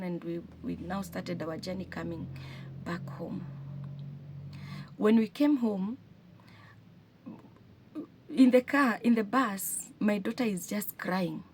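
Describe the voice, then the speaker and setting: A Kenyan woman speaks to her viewers, earnest and emotional, breaking off and restarting her sentences as she tells the story. Her pitch sits in an ordinary middle range. A faint hiss runs under her voice. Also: steady tone, measured pace, long pauses, darkish tone. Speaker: single mother vlogger. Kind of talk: personal storytelling to camera.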